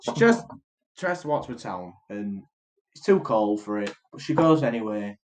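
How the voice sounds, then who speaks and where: On a podcast he co-hosts, a man with a fairly low, sing-song voice casually recounts a movie's plot, repeatedly restarting and filling gaps with fillers. He talks at a normal speed over poor-quality audio.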